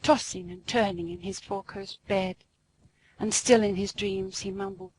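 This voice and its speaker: A woman narrating a classic storybook aloud in an expressive, sing-song way. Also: mid-range voice, a little slow, breathy edge, low-quality recording.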